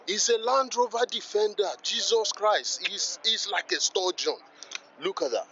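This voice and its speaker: A man's voice: high voice, expressive, a little slow, dull audio, noisy background. A man vlogging as he walks around a rainy outdoor car meet, hyped and exclamatory, repeating himself as he points things out. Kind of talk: excitable walkaround vlog.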